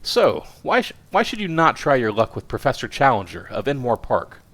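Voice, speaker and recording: A man's voice: medium pitch, sing-song, normal speed, a bit bright, voice pushed up. A man reading aloud voices a crabbed, kindly old male news editor in a fussy, paternal manner. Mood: musing, eager.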